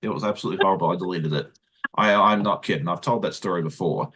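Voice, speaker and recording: A man's voice: deep voice, fast, fairly bright tone, slight background noise. A man with an Australian accent hosting a casual chat, telling stories in an easygoing, self-deprecating way. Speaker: host.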